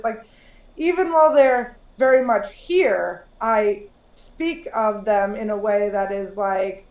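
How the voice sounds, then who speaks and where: A woman's voice: a little high, roomy sound, dull audio. A woman co-hosting a podcast in casual chat, candid and swearing freely, with lots of "like". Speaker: podcast co-host.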